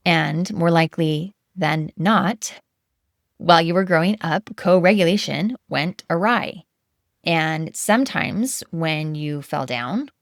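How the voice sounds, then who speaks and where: Woman podcast host, low voice, dry close sound, gentle and soothing delivery. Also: gravelly, no room sound. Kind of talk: calm reflective monologue.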